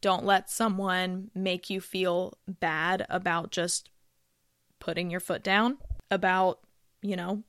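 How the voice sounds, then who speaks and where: A woman's voice: lowish voice, flat delivery, takes it slowly, a bit bright, no room sound, clean studio sound. A young woman hosting a podcast, giving business advice in a chatty, casual way with frequent filler phrases. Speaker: podcast host.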